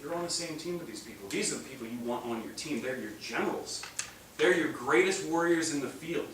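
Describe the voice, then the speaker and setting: Male seminar speaker, animated and joking, far from the mic in a very echoey room with noise. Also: a little high, brisk. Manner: animated, joking, acts out voices with laughs. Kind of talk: live seminar talk. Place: large room with live audience.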